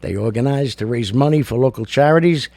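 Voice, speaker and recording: Blunt and chatty, this older man hosts a show with jokes and frank opinions, his monologue full of fillers. His gravelly, slightly mellow voice is medium-pitched and fairly quick, recorded with no room sound.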